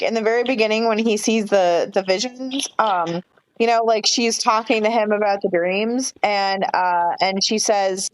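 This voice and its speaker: Southern woman, mid pitch, quippy casual podcast co-host. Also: low-quality recording. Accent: Southern American. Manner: animated, jumps in with quips and asides. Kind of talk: casual recap chat.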